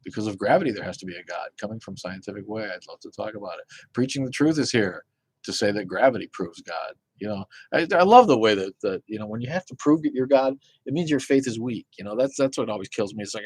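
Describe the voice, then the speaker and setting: Man, low husky voice, host of live Q and A, rambling, swearing, dry sound. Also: expressive, fast, dry recording, rough recording. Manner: rambling, profane, many fillers and restarts. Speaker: host of an atheist live show. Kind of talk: casual live Q and A chat.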